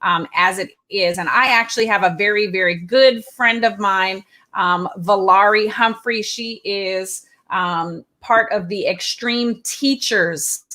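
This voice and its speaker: A woman from California co-hosts a live online talk show. Her voice is bright and forceful, and she talks in a chatty, loose way, filling pauses with ums and uhs. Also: medium pitch. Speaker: co-host.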